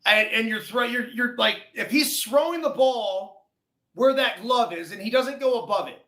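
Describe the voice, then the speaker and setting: Male co-host, blunt and casual, very high bright voice, echoey room. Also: normal speed. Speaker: co-host, former ballplayer. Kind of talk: casual baseball chat.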